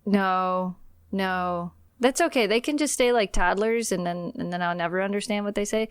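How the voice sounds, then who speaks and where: A woman co-hosting a casual podcast, giggly and animated as she tells little stories. Her voice is smooth and clear, recorded close and dry with no echo. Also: mid-range voice, moderate pace. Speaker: podcast co-host.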